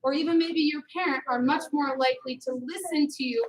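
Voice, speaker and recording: A woman's voice: high voice, steady tone, a little fast. A woman instructor teaching a children's karate class in a commanding way, calling for the class to answer back. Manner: commanding, calls for "yes, ma'am" replies. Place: martial arts studio. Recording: noisy studio background.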